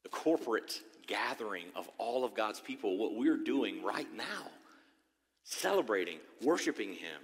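A man preaching a sermon as pastor, animated, swinging between loud declarations and hushed asides, with a conversational, joking manner. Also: lowish voice, unhurried. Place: church sanctuary. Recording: long reverb of a church hall.

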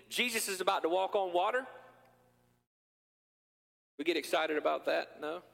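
A man preaching a sermon as pastor, animated and joking, acting out scenes from the story. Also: sits high, big-room sound.

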